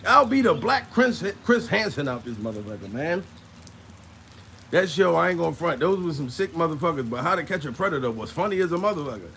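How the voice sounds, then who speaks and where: A man with a high, gravelly voice riffs in a crude, rambling comedic commentary, breaking into laughter as he goes. He sounds out of breath. Faint noise hums behind him. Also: sing-song, fairly quick, a bit bright.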